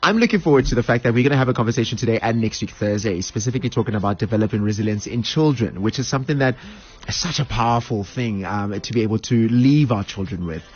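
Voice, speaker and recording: A man from South Africa hosting a radio interview, asking questions in an animated way. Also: medium pitch, fast, breathy edge. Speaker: radio host. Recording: dull lo-fi radio audio.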